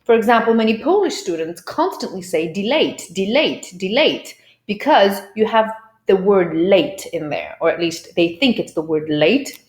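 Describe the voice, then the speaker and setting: A woman teaching English pronunciation, explaining clearly and drilling words by repeating them. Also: mid-range voice, expressive, moderate pace, darkish tone. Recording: roomy echo.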